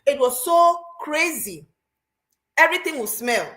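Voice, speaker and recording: Animated woman, fairly high voice. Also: a little slow. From Cameroon. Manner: animated storytelling, repeats herself. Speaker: host. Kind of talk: casual chat.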